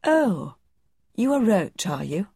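A woman's voice: medium pitch, sing-song, slow pace, creaky, mellow, slightly rough, dry recording, clean studio sound, exaggerated voice. A woman voicing a sickly, imperious young boy who gives lordly commands in a storybook reading.

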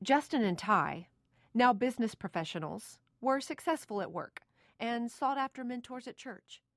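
A woman in her thirties, narrating her own memoir in a reflective, measured way. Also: on the high side, lively intonation, no room sound, studio quality. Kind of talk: reading a personal memoir aloud.

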